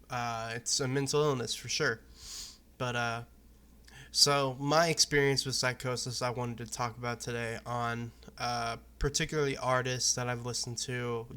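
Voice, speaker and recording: Speaking straight to camera, a young vlogger from Arizona, USA, rambles loosely and candidly about personal matters, swearing freely. His bright, edgy voice is clean in tone and holds an even, level pitch with little rise and fall.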